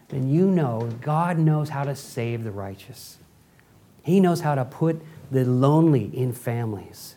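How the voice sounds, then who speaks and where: A male pastor preaching a sermon in a dramatic way, swinging from forceful lines to soft, intimate prayer. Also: medium pitch, expressive, measured pace.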